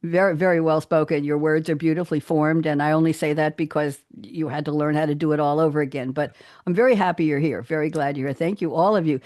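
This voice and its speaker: A woman's voice: deep voice, steady tone, fast talker, a little mellow, dry recording, studio quality. A middle-aged woman hosting an online radio interview show, chatty and full of praise, laughing often.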